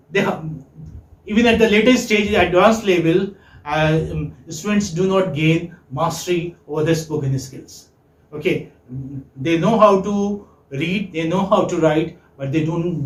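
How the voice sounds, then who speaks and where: In an echoey classroom, a high-pitched male English teaching lecturer quizzes his students, praising their answers and repeating his points throughout the lecture.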